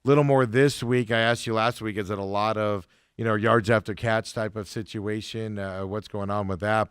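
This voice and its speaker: A man's voice: lowish voice, fairly even intonation, normal speed, few pauses, clean tone, dry recording, clean studio sound. A man hosting a sports show, asking long, easygoing questions in casual chat.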